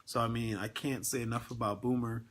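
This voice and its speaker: A man's voice: mid-range voice, little pitch movement, fairly quick, a bit bright. A man hosting a casual livestream, talking in an earnest, emotional way with many filler words and ums. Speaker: network marketing livestream host.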